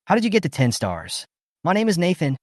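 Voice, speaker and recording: A man's voice: high voice, wildly swooping pitch, fairly quick, no room sound, studio quality, voice pushed up, heavily acted. A man voicing an arrogant older American beast master in a recap story, talking in a blustering, threatening way.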